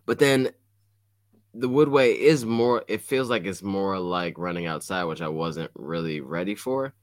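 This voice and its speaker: A man with a very low, deep voice chats casually as a co-host. He is easygoing and often trails off mid-sentence. The sound is dry and close. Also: unhurried, no echo. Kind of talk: casual chat.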